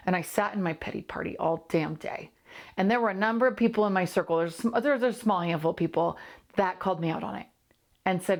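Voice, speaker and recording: Earnest woman coach venting honestly to camera, keeps repeating lines for emphasis, middle pitch. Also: fairly quick. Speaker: host and coach. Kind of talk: candid solo monologue to camera.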